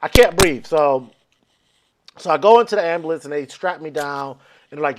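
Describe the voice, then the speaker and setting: A man with a high-pitched voice spins a long comic story in a casual chat. He acts out every quote with lively voices and swears freely as he goes. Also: a little fast. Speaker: comedian guest. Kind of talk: storytelling on a comedy podcast.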